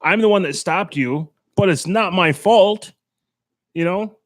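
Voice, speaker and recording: A man's voice: high-pitched, measured pace, no echo, studio quality. A man telling stories in a casual podcast chat, laughing often and swearing freely. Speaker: podcast co-host.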